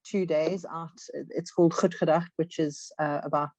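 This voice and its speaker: A woman's voice: sits low, fairly even intonation, normal speed, a little mellow, no room sound. A woman co-hosting a podcast, chatting in a loose, rambling way full of fillers. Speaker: podcast co-host. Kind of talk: casual chat.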